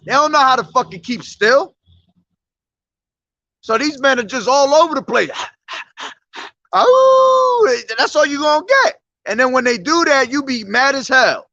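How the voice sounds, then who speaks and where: A man's voice: very high-pitched, lively intonation, normal speed, sharp tone, no echo, lo-fi sound. A man preaching on the street in a blunt, profane, confrontational way.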